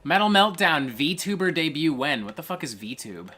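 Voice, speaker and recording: A foul-mouthed streamer hosting a casual live game stream, reading chat aloud between excitable rants. The voice swoops all over its range. It has a bright, forceful edge. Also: mid-range voice, moderate pace, breathy edge. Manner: reads viewer chat aloud. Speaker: streamer host.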